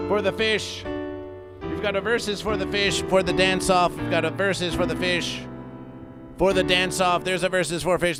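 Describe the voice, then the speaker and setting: A man hosting an absurdist comedy livestream, chanting and repeating himself as he reads out chat. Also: sits high. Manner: chanting, repetitive, sing-song announcing. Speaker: livestream host. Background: music.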